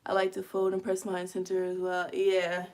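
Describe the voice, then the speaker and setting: A woman's voice: on the low side, monotone, moderate pace, darkish tone. A woman hosting a casual live stream from her living room, chatting straight to her viewers and explaining each step as she makes merch. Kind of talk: casual live chat while crafting.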